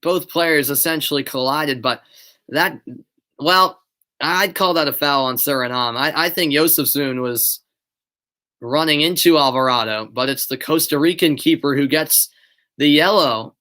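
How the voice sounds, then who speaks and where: A man's voice: a little high, a little slow. A young man in his late teens with a light Boston accent gives live play-by-play of a soccer match. Between plays he chats casually with viewers, with fillers and hesitations. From Boston area, USA. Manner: chatty, answers viewers' chat between plays; animated calling of play, relaxed and hesitant in chat. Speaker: amateur play-by-play commentator. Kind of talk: live streamed play-by-play commentary with chat.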